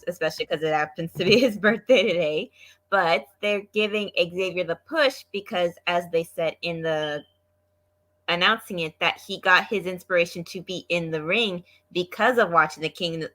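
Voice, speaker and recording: A woman co-hosting a casual wrestling review show, giving measured opinions. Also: on the low side, fairly bright tone. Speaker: co-host.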